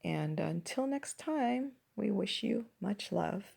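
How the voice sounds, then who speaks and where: Slow, croaky woman musing aloud. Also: mid-range voice, lively intonation, a little mellow. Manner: thoughtful, speaks in halting restarts. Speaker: podcast host. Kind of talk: reflective personal monologue.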